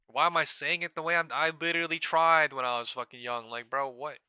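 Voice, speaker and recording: A man hosting a live trading stream, ranting fast and emphatically with heavy profanity. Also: fairly high pitch, fairly even intonation, pushed and bright, smooth, no room sound.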